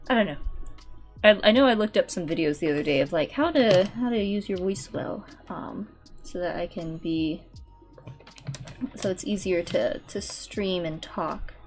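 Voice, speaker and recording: A young woman streaming while she paints, rambling in casual chat with lots of fillers and restarts. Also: medium pitch. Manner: rambling and chatty, many "like"s and restarts. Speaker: VTuber streamer.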